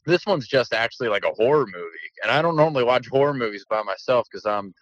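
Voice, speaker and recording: A man's voice: medium pitch, fast, no echo, highs cut off. A young man in casual joking chat about TV, acting out silly voices. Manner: jokey, lively, acts out silly voices.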